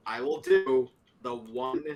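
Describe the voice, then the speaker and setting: A man's voice: medium pitch, expressive, slow, a little mellow. A man on a casual livestream, giving a plain, matter-of-fact update.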